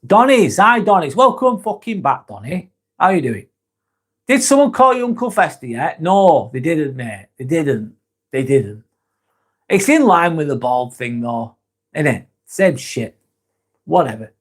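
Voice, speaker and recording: A man with a voice pitched a little above the usual male range hosts a relaxed live stream. He reads out viewers' comments and answers them bluntly and frankly. He swears constantly and keeps the talk casual. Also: measured pace, breathy edge.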